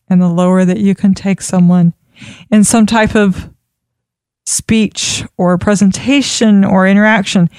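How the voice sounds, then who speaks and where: A woman giving an instructional talk on public speaking, expressive and demonstrating pitch changes as she teaches. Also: smooth, no echo, clean studio sound. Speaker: speaking coach.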